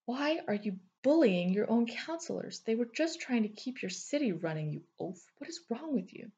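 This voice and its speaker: A woman's voice: a little high, big pitch swings, moderate pace, dark tone, highs cut off, pitched above the performer's own voice. A woman voicing an angry fawn-folk healer who scolds in an indignant way.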